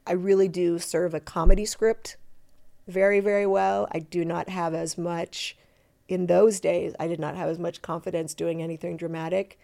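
Animated, self-mocking woman telling stories. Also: fairly low pitch, creaky. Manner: animated, self-deprecating storytelling with quick asides. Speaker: actor and interview guest. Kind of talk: casual interview chat.

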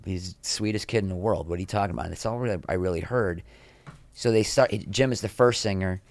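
A middle-aged man telling anecdotes in a casual interview as a podcast guest, lively, with quick asides. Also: sits low. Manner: animated anecdotes, quick asides, acts out quoted people.

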